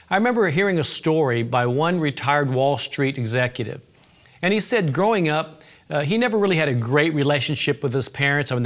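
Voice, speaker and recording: A middle-aged man preaching on a TV program, his voice sitting a little high for a man. He tells stories earnestly and animatedly, often restarting his phrases. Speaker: TV ministry host. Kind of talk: televised preaching.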